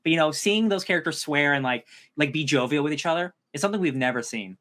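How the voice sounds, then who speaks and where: A man's voice: fairly high pitch, lively intonation, quick pace, fairly bright tone. A man co-hosting a casual podcast, talking in an enthusiastic, rambling, slangy way. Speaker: podcast co-host.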